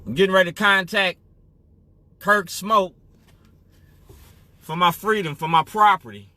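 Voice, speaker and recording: A man's voice: high voice, a little slow, bright, forceful tone, no room sound. A man from Illinois speaking straight to camera in an emphatic monologue. He keeps asking "you feel me?". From Waukegan area, Illinois, US. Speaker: activist.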